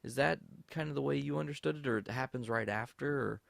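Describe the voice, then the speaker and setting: A man's voice: medium pitch, quick pace, creaky, no room sound. A man co-hosting a podcast in casual chat, blunt and enthusiastic, swearing freely. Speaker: podcast co-host.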